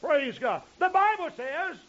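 A man's voice: extremely high pitch, sing-song, measured pace, a bit bright. A male pastor preaching a sermon, telling stories in long chains of "and" with frequent restarts. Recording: dull lo-fi recording.

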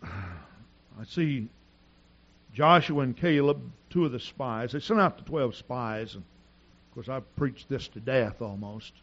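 A middle-aged man preaching a sermon, telling stories in an animated, repetitive way with frequent restarts. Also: mid-range voice, slow, dull audio. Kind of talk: sermon with storytelling.

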